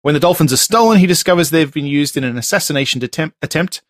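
The speaker is a man with an expressive, slightly high voice, recorded in studio quality without echo. He runs a casual movie tagline quiz on his podcast, cracking jokes, laughing frequently, and reading each tagline in a slow, dramatic voice.

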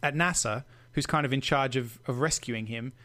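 A man co-hosting a podcast in casual chat, animated and full of restarts. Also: medium pitch, normal speed. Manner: animated, many restarts and asides. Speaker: podcast co-host.

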